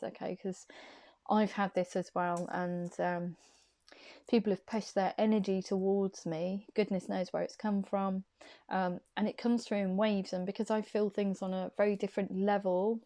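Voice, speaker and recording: A woman from Warwickshire, England, with an English accent and a mellow mid-range voice gives a casual tarot reading from her room. She's chatty and rambling, laughing frequently.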